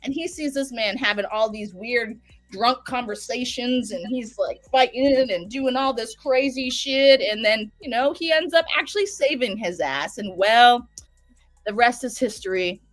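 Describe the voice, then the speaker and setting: A woman recapping a show in casual, profane, animated storytelling. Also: on the high side, measured pace, faint music behind. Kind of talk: casual chat.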